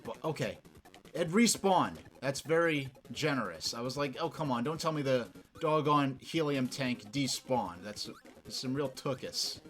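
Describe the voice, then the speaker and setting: Streaming a video game, a New York man chats casually and rambles, getting excited easily. His voice sits at a medium pitch.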